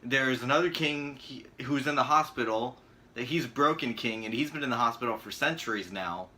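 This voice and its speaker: A young man rants through his own video review in a sarcastic, rambling way, swearing freely. His voice sits in a mid register with a bright, edgy tone. His talk is loose and casual, with many asides. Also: mid-range voice, normal speed. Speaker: channel host, wrestling reviewer.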